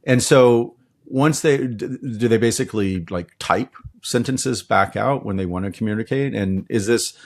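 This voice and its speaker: Podcast host, male, lowish voice, inquisitive, loosely phrased questions. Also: normal speed, gravelly. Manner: curious, rambling questions. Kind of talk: interview questions.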